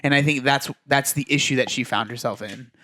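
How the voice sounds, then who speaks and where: A young man co-hosting a podcast, chatting casually and giving opinions with quick asides. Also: mid-range voice, bright, forceful tone. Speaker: podcast co-host. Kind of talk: casual chat.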